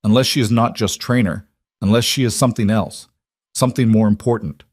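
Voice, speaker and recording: A man's voice: on the low side, fairly even intonation, brisk, slightly rough, no echo, clean studio sound. A man voicing a cold, menacing Russian crime boss in an audio story, with clipped, broken-English threats.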